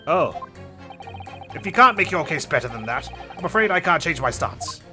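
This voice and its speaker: A man voicing a stubborn, gruff middle-aged male juror, speaking dismissively. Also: a little high, sing-song, normal speed, pushed and bright, soft background music, exaggerated voice.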